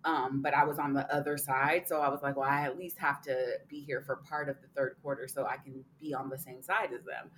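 A woman's voice: a bass voice, steady tone, fairly quick, hardly any pauses, fairly bright tone, slight background noise, low-quality recording. A woman co-hosting a podcast, chatting casually in a blunt way and swearing freely. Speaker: podcast co-host. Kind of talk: casual chat.

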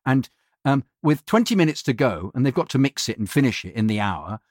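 A middle-aged man who does voiceovers, telling studio anecdotes in a casual, halting way, full of fillers and restarts, and often acting out other people's voices. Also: medium pitch, sing-song, darkish tone, dry recording. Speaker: voiceover artist.

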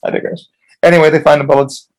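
A man's voice: on the high side, level tone, quick pace. A man hosting his own podcast, telling a long story in a casual, rambling way with lots of swearing. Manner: profane, rambling, frequent restarts. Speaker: podcast host.

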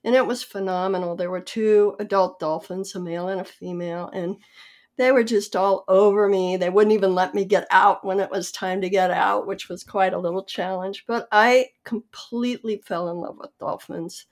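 A woman's voice: medium pitch, steady tone, normal speed. A woman hosting a conversation, a veterinarian, earnestly recounting her own experiences in a casual way. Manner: earnest, personal recollection. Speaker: host, veterinarian.

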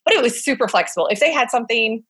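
A middle-aged woman speaking as an interview guest, telling stories in a casual, animated way with plenty of fillers and acted-out quotes. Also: fairly high pitch, rapid-fire, breathy edge. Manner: animated storyteller, acts out quoted voices, frequent fillers. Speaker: guest, summer camp director.

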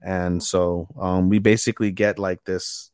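A man co-hosting a casual anime podcast, retelling scenes with animated quoted lines. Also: low-pitched, a little slow, clear, resonant tone, dry recording, studio quality. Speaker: podcast co-host.

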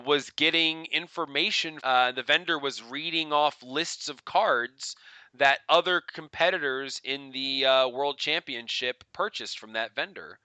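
Bright, clear-voiced man chatting on a podcast. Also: medium pitch, no room sound. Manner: rambling, laughing storyteller with many fillers. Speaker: podcast co-host. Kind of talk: casual podcast chat.

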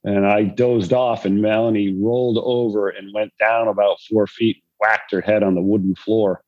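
A man's voice: on the low side, level tone, moderate pace, darkish tone, dull audio. An older man, a former pro golfer, telling rambling anecdotes about fatherhood in a conversation. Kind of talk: storytelling in a conversation.

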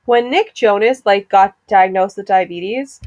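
A woman's voice: medium pitch, a little slow, darkish tone, dry recording, muffled recording. A young woman, co-hosting a casual podcast chat, bubbly and giggly. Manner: bubbly, giggly, slips into joke accents. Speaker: podcast co-host.

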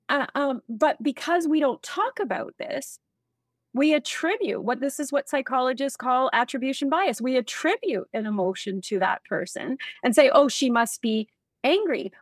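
A woman speaking as a leadership expert in an interview, energetic and acting out example dialogue as she explains. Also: on the high side, no room sound. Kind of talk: animated interview talk.

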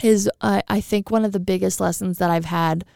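A woman's voice: medium pitch, fairly quick, vocal fry, no echo, clean studio sound. A woman co-hosting a podcast in casual, chatty conversation, talking freely about her spiritual experiences. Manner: chatty, animated, acts out voices. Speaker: podcast co-host. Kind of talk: casual chat.

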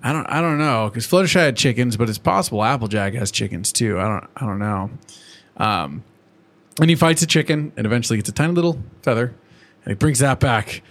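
A man's voice: mid-range voice, animated, fairly bright tone. Casual podcast co-host, man in his thirties, crude and giggly recapper. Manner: laughing, profane storytelling with quick voice impressions.

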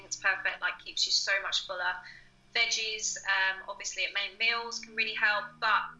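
Bright woman, roomy echo. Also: mid-range voice. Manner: chatty, laughs often, lively advice-giving. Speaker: online fitness coach, guest. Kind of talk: casual podcast chat.

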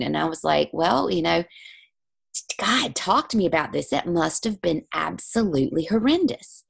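Low, gravelly woman telling stories. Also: moderate pace. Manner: animated, acts out quoted voices. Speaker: guest, spiritual healer. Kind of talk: storytelling in conversation.

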